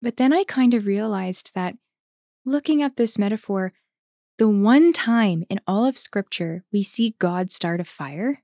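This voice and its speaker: This is a woman, a religious sister, talking through spiritual reading with a fellow sister. Her voice sits in a middle register and the recording is dry and close. She reflects out loud, pausing on fillers and laughing easily. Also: medium pitch, animated, no room sound. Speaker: religious sister, podcast co-host. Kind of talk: reflective conversational discussion.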